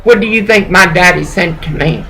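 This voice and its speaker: A woman's voice: fairly low pitch, normal speed, creaky, a bit bright, slight background noise, low-quality recording. A woman talking to camera in a rambling, agitated, emotional monologue, swearing often and jumping from one thought to the next.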